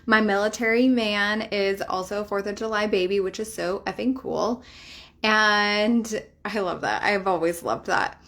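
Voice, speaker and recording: A woman's voice: mid-range voice, measured pace, a bit bright. A woman in her thirties, a spiritual life coach talking to camera in a chatty, emphatic way, swearing casually and laughing often.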